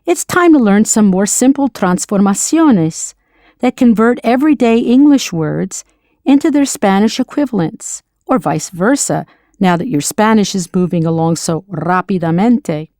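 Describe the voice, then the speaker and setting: A woman leads a scripted audio language lesson, slowly modeling foreign words and spelling each one out letter by letter. Her medium-pitched voice is animated and mellow. The studio-quality recording has no echo.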